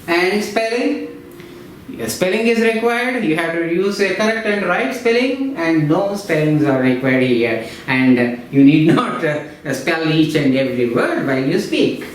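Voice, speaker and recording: A man's voice: a little high, expressive, moderate pace, hardly any pauses. A man, giving an explanatory lesson in a lecture style, repeating himself and restarting phrases. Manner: explanatory, repetitive, frequent fillers and restarts. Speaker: English teacher. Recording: very echoey room with faint noise.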